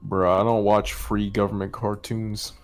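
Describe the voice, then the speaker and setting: Gravelly low-voiced young man, deadpan. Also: measured pace, soft background music. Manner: deadpan joking. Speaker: friend on stream. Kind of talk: casual chat.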